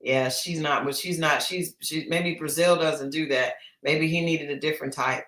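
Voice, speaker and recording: This woman has a low voice and talks at a normal speed, with echo and slight background noise around her in a home livestream studio. Co-hosting a podcast-style chat show, she animatedly retells a reality dating series with blunt, gossipy remarks.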